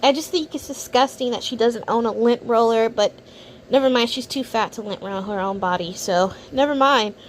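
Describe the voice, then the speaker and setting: A woman's voice: fairly high pitch, normal speed, slight background noise. A woman hosting a reaction video, commenting in a sneering, contemptuous way.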